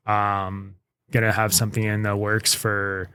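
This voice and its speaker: A man's voice: on the low side, completely flat delivery, a little slow, pushed and bright, clean tone. A young man, chatting casually as a podcast guest about his music and baking. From Memphis. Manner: laid-back, many fillers and restarts.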